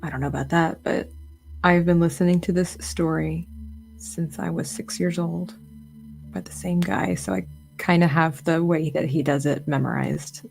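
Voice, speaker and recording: A woman streaming while she paints, chatting casually and retelling a children's story in an animated way. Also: fairly low pitch, normal speed, vocal fry. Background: faint music.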